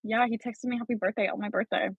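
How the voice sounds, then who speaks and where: Young woman guest, mid pitch, chatty storyteller, dry close sound. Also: fairly even intonation, fast talker, husky, no room sound, muffled recording. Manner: chatty, acts out quotes. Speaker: friend and guest. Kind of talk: casual storytelling.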